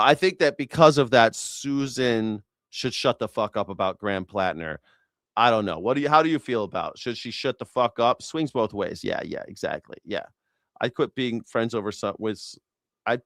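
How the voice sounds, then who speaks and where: A man hosting a live news reaction show, talking in an animated, profane, rambling way with many restarts. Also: fairly low pitch, dry recording. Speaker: host.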